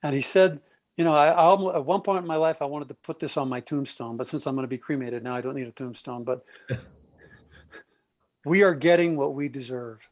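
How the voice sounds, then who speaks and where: A man in a podcast conversation, retelling stories with lively energy and putting on the voices of the people he quotes. His voice sits a little higher than most men's. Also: fairly quick. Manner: animated storytelling, acts out quoted voices.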